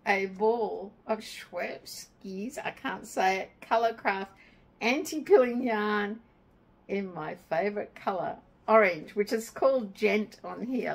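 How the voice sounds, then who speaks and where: A middle-aged woman chats unhurriedly to her viewers. Her voice carries a gravelly edge, and she gets excited and a little emotional as she goes. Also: mid-range voice, takes it slowly, poor audio. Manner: chatty and excitable, easily moved. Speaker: craft vlogger. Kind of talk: casual chat.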